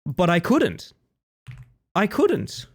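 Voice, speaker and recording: Slightly sick, lively young streamer man. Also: sits high, drawn-out words, gravelly, slightly rough. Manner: playful, jokey banter, greeting viewers by name. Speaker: live streamer. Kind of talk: casual live-stream chat with viewers.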